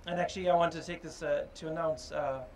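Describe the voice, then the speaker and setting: A man speaking at an unveiling, his voice sitting a little high. He talks informally and thoughtfully, pausing often and filling gaps with ums as he goes. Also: fairly even intonation, slight background noise, poor audio. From Ireland. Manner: halting and reflective, with many pauses and fillers. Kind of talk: informal public speech.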